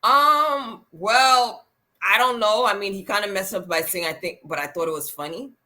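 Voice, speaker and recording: A woman co-hosting a casual reality TV recap chat, acting out quotes with big jumps in pitch. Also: moderate pace, bright, forceful tone. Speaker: reality TV podcast co-host.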